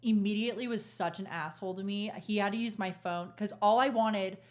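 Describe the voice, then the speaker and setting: A woman's voice: medium pitch, fairly quick. A young woman co-hosting a podcast, telling a personal story in a frank, profane, laughing casual chat. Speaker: podcast co-host.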